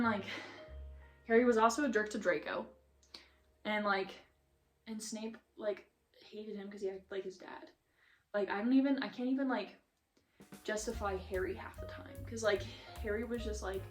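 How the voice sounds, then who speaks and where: A woman's voice: mid-range voice, brisk. A young woman vlogger chatting casually and with strong opinions, filling her talk with "like", while she reorganizes a bookshelf at home. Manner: chatty, heavy use of "like", opinionated rants. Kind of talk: casual chat. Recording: roomy echo, faint music behind.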